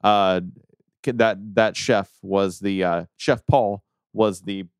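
A man hosting a casual podcast trivia game, hesitant with many fillers and quick to laugh. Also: fairly low pitch, fairly even intonation, smooth, no room sound, clean studio sound.

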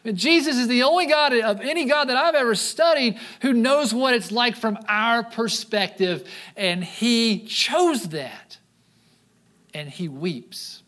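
A male pastor preaching a sermon in an animated way, now and then acting out the voices of people in the story. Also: very high-pitched, a little slow.

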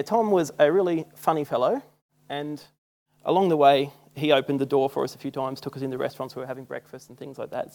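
A young Australian man preaches a sermon as a church speaker, weaving in personal stories in a casual, self-mocking way. His voice is fairly high, gravelly, and a little mellow.

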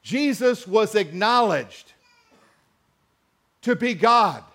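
A high-pitched man delivering a sermon. He stretches scripture lines out slowly and stresses them hard. Now and then he asks the congregation to say words back with him. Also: animated, fairly bright tone. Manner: emphatic, drawn-out scripture reading, calls to the congregation. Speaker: preacher.

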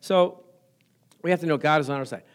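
A male pastor preaching an energetic sermon, often laughing and asking his congregation questions. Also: a little high, brisk.

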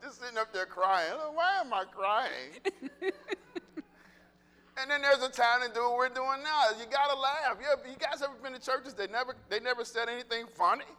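A male pastor giving a lively, humorous sermon, talking conversationally with the congregation and laughing at his own jokes. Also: extremely high pitch, quick pace, few pauses. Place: church sanctuary. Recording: long reverb of a church hall.

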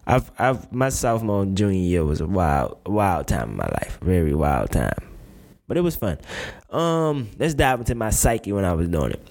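A man's voice: deep voice, sing-song, normal speed, gravelly, a little mellow. A man in his twenties giving a candid, rambling confessional monologue, full of slang and restarts.

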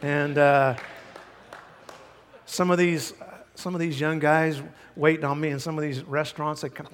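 A man's voice: a little high, flat delivery, normal speed, big-room sound. A man preaching a sermon in a church, folksy and emphatic, sometimes mimicking people to make a point. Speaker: pastor. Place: church sanctuary.

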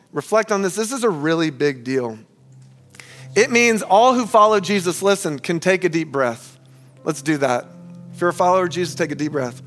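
High-voiced earnest male pastor preaching. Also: a bit bright. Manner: earnest, emphatic, addresses listeners as friends; repeats key phrases for emphasis. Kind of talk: sermon. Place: church sanctuary.

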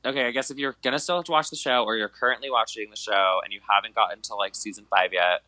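A young man in casual podcast chat, retelling events with big animated emphasis and constant filler words. His voice sits a bit low but carries a bright, forward tone. The recording is close and dry. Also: fast talker, no room sound, rough recording. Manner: animated storyteller, many fillers like "like" and "um", dramatic retellings.

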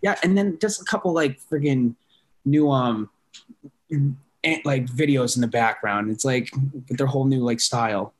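Speaking at medium pitch and normal speed, a man guests on a fan podcast. He talks loosely, with plenty of fillers, casual swearing and frequent laughter.

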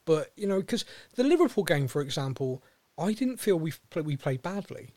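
A man's voice: on the high side, sing-song, moderate pace, a little mellow, no echo. Chatty male podcast host, dry sound. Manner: chatty, laughs often, repeats words when starting. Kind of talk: casual chat.

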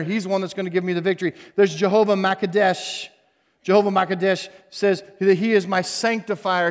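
Pastor guy giving a sermon, kinda high voice, big echoey church, goes quiet then loud. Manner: swings from hushed to loud, repeats phrases for emphasis.

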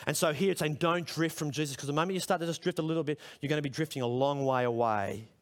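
High-voiced man preaching a sermon. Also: rapid-fire. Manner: conversational, rising to emphatic questions. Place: school chapel service.

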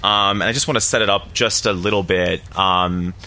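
A man author introducing his story at a live reading, halting with many fillers. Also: low voice, steady tone, sharp tone. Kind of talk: casual remarks before a reading.

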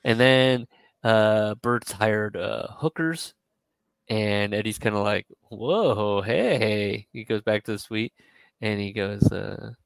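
Low-voiced man rambling casually. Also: steady tone, vocal fry, smooth, no room sound, rough recording. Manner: rambling, filler-heavy retelling with quick quoted asides. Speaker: podcast co-host. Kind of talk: casual podcast chat.

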